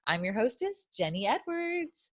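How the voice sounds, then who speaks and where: A woman's voice: on the high side, big pitch swings, unhurried, a bit bright. Bubbly woman interview host. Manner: bubbly, laughs often. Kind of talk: interview intro and questions.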